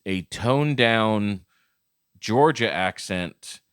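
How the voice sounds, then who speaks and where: Casting: low-voiced male podcast co-host, rambling casual chat, dry close sound. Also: animated, drawn-out words, a bit bright, clean tone, no room sound. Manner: rambling, loose, full of restarts and fillers.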